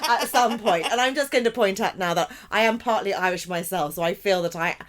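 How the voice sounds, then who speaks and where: A woman's voice: mid-range voice, fairly quick, fairly bright tone, slight background noise. A woman actor chatting on a podcast about her stage role, talkative and apologetic, laughing between remarks. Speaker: actor in the company. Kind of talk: casual podcast chat.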